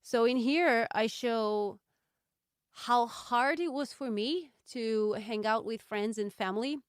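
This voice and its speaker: A woman hosting a solo podcast, reflecting candidly and thoughtfully, with frequent ums and pauses. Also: a little high, clean tone, no room sound, clean studio sound. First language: Portuguese. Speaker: podcast host.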